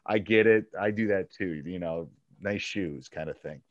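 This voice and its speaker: Low-voiced coach on a dull lo-fi call. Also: male voice, normal speed, dry recording. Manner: conversational, acts out back-and-forth dialogue. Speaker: basketball coach and podcast host. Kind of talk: coaching advice on a one-on-one call.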